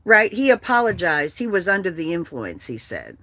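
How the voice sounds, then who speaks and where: A woman's voice: lowish voice, wildly swooping pitch, moderate pace, bright, forceful tone, no echo. An older woman hosting a casual livestream, ranting bluntly and with swearing while reading out comments from viewers. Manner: blunt, profane, ranting, reads comments aloud. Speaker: livestream host.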